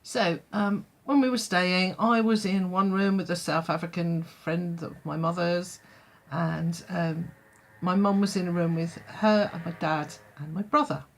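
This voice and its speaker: A woman's voice: on the low side, fairly even intonation, measured pace, hardly any pauses. A woman telling a childhood story in a vlog, chatty, full of fillers and laughing often. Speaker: vlogger.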